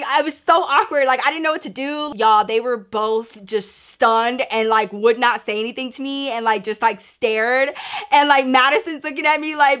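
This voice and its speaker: Woman, storytime vlogger. Bright, higher-pitched, chatty, does the other people's lines herself. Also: moderate pace. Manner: chatty and animated, heavy "like" fillers, swears freely; acts out quoted voices in the story. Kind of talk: casual storytelling to camera.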